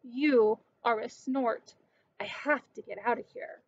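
A woman's voice: on the high side, takes it slowly, no echo. A woman voicing a small, lost baby bird with an eager, pleading manner. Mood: scared. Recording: dull lo-fi recording.

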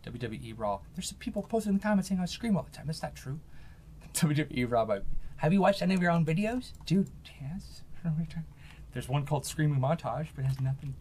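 A man's voice: a little high, expressive, fairly quick, a little mellow, husky. A young man giving jokey, hyper commentary while playing a game. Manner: hyper, jokey, shifts into silly voices and yelps. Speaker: gaming commentator.

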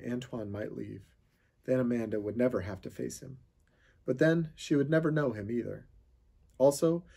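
A man reading a children's chapter book aloud, with steady storytelling narration. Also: mid-range voice, gravelly, slightly rough. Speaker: reader of a children's novel.

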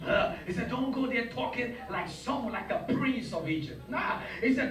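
A male pastor preaches with force, calling on the congregation to speak his words back. His voice sits high and rings through a big echoey hall, picked up from some distance, with the crowd audible around him. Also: animated, moderate pace, hardly any pauses. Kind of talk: sermon.

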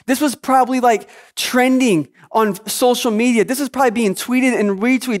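A man's voice: very high-pitched, measured pace. A male pastor preaching a sermon with energy and emphasis, throwing out rhetorical questions to his church.

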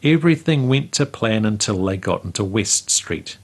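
A man, reading a memoir aloud in a measured, storytelling way as the show's host. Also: fairly low pitch, lively intonation. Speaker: host reading local history stories. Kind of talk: read-aloud memoir narration.

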